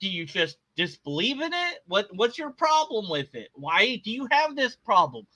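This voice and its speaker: Bright, lively-voiced man ranting sarcastically. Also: high voice, moderate pace, no room sound. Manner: sarcastic, exasperated, over-the-top. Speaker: reaction video host. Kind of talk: comedic rant reacting to a video.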